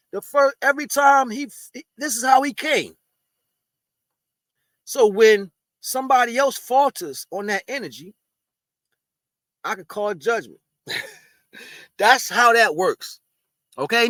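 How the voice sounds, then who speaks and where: A man's voice: extremely high pitch, sharp tone, no echo. A man talking casually to camera, giving blunt, streetwise spiritual advice and eating while he talks. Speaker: spiritual video host.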